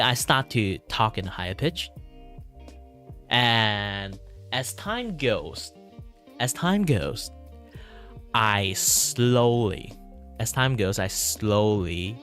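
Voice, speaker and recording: A man's voice: fairly low pitch, fairly bright tone. A young man from Malaysia chatting casually on his stream, rambling along with plenty of fillers and restarts. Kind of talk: casual chat.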